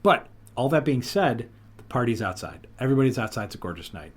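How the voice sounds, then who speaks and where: Animated man telling stories. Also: medium pitch, fast talker, slightly rough. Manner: animated storyteller, lively retellings. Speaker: podcast host. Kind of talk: casual chat.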